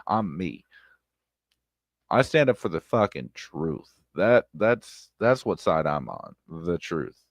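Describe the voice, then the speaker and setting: A man with a very deep voice rants about online drama on his stream, swearing freely and circling back over his points. His voice sits close and dry on the mic, with no room around it. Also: sing-song, slow, no echo. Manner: blunt, swears freely, repeats himself, loud outbursts. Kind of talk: casual profane commentary stream. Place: home streaming setup.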